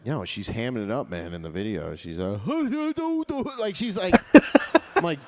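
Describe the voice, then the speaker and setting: A man doing crowd-work stand-up comedy, loose and profane, laughing often and swinging his pitch up and down. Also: big pitch swings, a little slow.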